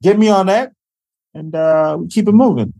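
A man's voice: high voice, normal speed, creaky, warm tone. A man from Zimbabwe, a guest actor on a podcast, talking loosely and casually with lots of fillers. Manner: laid-back, filler-heavy, loose phrasing.

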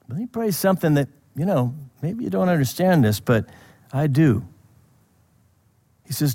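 A man preaching a sermon in a conversational way, asking the listeners questions and laughing softly now and then. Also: on the high side, animated, normal speed. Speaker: pastor.

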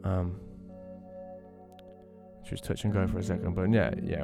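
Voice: sits low, a little slow, gravelly. Laid-back podcast host over music. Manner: laid-back, rambling, lots of fillers. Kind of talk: casual podcast chat.

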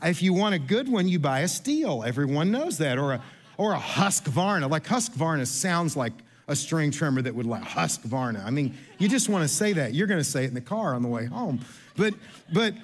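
Delivering a sermon in a church sanctuary, a high-voiced pastor is very animated and keeps a moderate pace. His storytelling is loose and chatty, he makes fun of himself, restarts sentences a lot, and plays the people in his stories.

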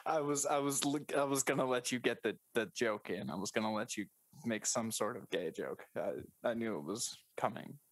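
A man riffing through an improvised comedy podcast bit, keeping a deadpan tone while he stacks up wordplay. His voice sits at an ordinary pitch. The recording is dry and close, with no room sound. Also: normal speed, dry recording. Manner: spins absurd running bits with deadpan wordplay.

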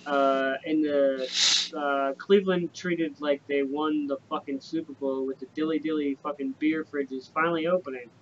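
A man's voice: fairly even intonation, moderate pace, a bit bright. A man hosting a casual sports podcast, rambling with lots of fillers and swearing. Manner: profane, rambling, filler-heavy. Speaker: podcast host. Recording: dull lo-fi with faint rumble.

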